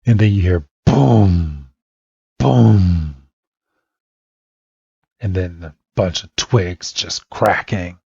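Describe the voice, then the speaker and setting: A man hosting a podcast, casually retelling a story and acting out every character in an animated way. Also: sits low, measured pace, few pauses, husky, dry recording. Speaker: podcast host. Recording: dull lo-fi dry podcast mic.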